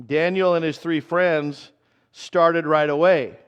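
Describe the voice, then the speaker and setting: A male pastor preaches in a conversational sermon style, with a slightly high voice. He slows down to repeat his key points. The sound is a bit dull, like a church recording. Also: fairly even intonation, clean tone.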